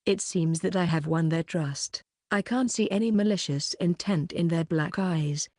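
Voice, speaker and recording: A woman reading a web novel aloud as an audiobook narrator, keeping one even voice throughout. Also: lowish voice, dry recording, studio quality.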